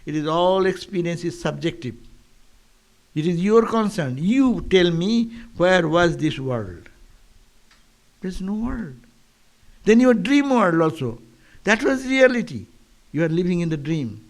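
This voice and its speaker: Male monk, high voice, philosophical sermon with chant-like repetition and rhetorical questions. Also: big pitch swings, unhurried, pauses often. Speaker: monk giving a lecture. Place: monastery lecture.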